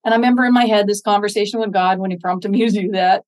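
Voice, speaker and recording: Speaking fast in a steady, medium-pitched, darkish voice, an older American public speaker gives an interview. She is earnest and encouraging, voicing her inner dialogues aloud, over poor audio.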